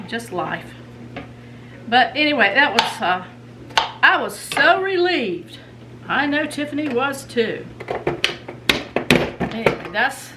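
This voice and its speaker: A woman's voice: on the high side, distant mic, very noisy. Chatty woman telling stories in her kitchen. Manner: chatty, folksy, addresses viewers directly. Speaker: vlogger. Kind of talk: casual storytelling while cooking. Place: home kitchen.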